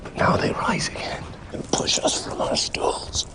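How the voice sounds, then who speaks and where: A deep, haunted King Macbeth , as a young man recites him speaks slow, solemn old-fashioned verse. The voice sits low and sounds distant from the mic. A noisy background hisses behind it.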